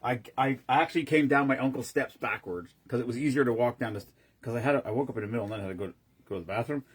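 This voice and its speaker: A man's voice: medium pitch, racing, breathy edge. A man casually chatting on a live stream, rambling between stories and greeting viewers by name as he mixes drinks.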